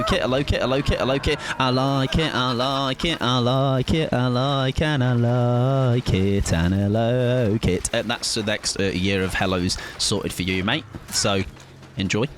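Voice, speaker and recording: A young man streaming a game live, rambling and joking with his viewers, laughing often and breaking into excited outbursts. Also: mid-range voice, a little hiss or hum. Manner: rambling, jokey, chats to viewers while playing. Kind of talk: live gameplay commentary with chat.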